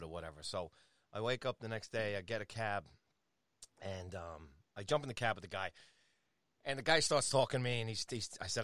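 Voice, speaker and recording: A man's voice: mid-range voice, animated, brisk, a bit bright, dry recording. A man from New York telling rambling, chuckling anecdotes in casual conversation, with many restarts.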